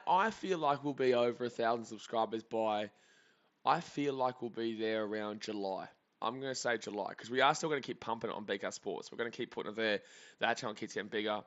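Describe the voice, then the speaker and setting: A man rambles cheerfully through live baseball reactions, joking with his viewers. His voice is bright and forceful, at a middle pitch. The audio is slightly dull and lo-fi. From Australia. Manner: chatty, rambling, jokey. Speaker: sports streamer. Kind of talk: live game reaction commentary.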